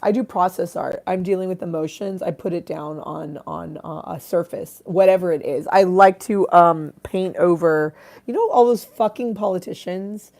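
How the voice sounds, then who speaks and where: This is a woman on a casual live stream, chatting to her viewers while she eats and sips a drink. Her voice sits low with a gravelly edge. She swears freely and pokes fun at herself in a loose, irreverent way. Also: moderate pace, hardly any pauses, a little mellow.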